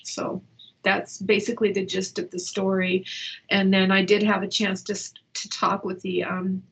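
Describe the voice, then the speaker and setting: Gravelly, husky middle-aged woman, shaken. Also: medium pitch, completely flat delivery, a bit bright, rough recording. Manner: halting, emotional retelling with restarts. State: shaken, upset. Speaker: interview guest, mother. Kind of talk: personal account in an interview. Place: indoors at home.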